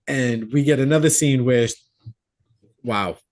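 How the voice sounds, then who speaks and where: A man's voice: mid-range voice, unhurried. A man co-hosting a horror podcast, retelling a film plot casually, swearing and acting out the characters' lines. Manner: swearing, animated retelling with quoted character voices. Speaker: podcast co-host. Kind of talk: casual movie recap. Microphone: podcast mic.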